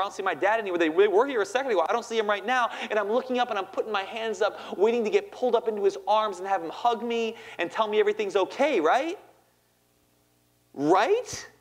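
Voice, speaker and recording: High-voiced playful storyteller man. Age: 30s. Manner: playful, quizzing the audience. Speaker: poet and speaker. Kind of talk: spoken-word storytelling talk.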